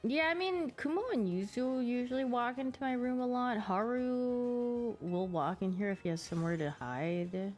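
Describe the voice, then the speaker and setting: A woman's voice: on the high side, normal speed, hardly any pauses, a little mellow. A woman streamer chatting casually and giggling, acting out her pet's reactions as she talks. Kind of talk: casual chat.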